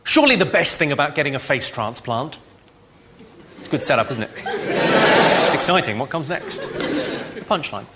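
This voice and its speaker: A man rattles off dry, deadpan one-liners in a live stand-up set. His voice sits a touch high for a man. The live show recording carries loud background noise throughout. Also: normal speed, pauses often. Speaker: stand-up comedian. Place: live comedy venue.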